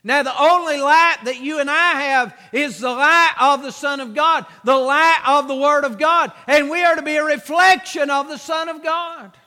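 A man preaching a sermon with emphatic, repeated exhortations that swell into shouts. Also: very high voice, steady tone, moderate pace, hardly any pauses, big-room sound.

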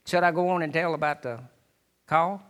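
A middle-aged man, a missionary preacher, giving a folksy personal testimony to a congregation with halting restarts. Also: a little high, fairly even intonation, fairly bright tone.

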